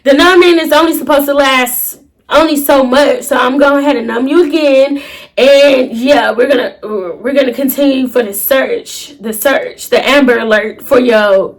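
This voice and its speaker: A woman in her late twenties telling a storytime vlog, animated and dramatic, full of slang and asides to her viewers. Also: high voice, normal speed. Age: late 20s. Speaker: storytime vlogger. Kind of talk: casual storytelling to camera.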